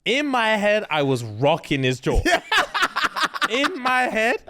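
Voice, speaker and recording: Young man, podcast co-host, animated storytelling, bouncy pitch. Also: takes it slowly, a little hiss or hum. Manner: animated storytelling, swears often. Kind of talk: casual chat.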